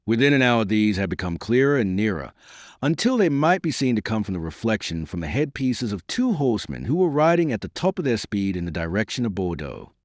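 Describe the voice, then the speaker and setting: A man narrates an old adventure novel in a steady storytelling manner. His voice is low, with a lively, varied pitch, and the recording is dry and close. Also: brisk, dry recording. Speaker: audiobook narrator. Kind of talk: scripted narration.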